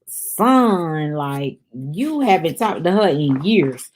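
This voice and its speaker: Slow-talking woman recapping a TV episode. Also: low voice, lively intonation, darkish tone. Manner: chatty, addresses viewers as "y'all". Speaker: show review host.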